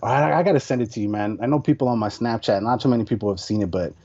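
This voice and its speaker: Animated slangy man telling a story. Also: medium pitch, very fast. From Tucson area, United States. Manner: animated, slangy, swears a lot, mimics others loudly. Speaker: podcast guest. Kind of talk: casual storytelling. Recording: dull lo-fi podcast audio.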